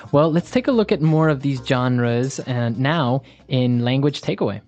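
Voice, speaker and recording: A man's voice: mid-range voice, lively intonation, moderate pace, noisy background. A man hosting a language lesson, chatting casually, asking questions and laughing easily. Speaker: host.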